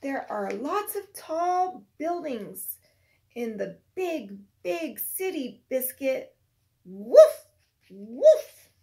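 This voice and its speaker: A woman teacher reading a picture book aloud to a young child in a gentle, sing-song storytelling voice, then patiently explaining a project. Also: high voice, very animated, takes it slowly. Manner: patient, encouraging teacher talk.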